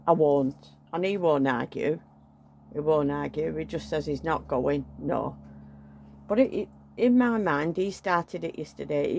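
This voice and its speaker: Creaky middle-aged woman. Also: low-pitched, slight background noise. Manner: chatty, venting, emotional. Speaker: doll collector vlogger. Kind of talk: casual chat while dressing a doll. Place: at home.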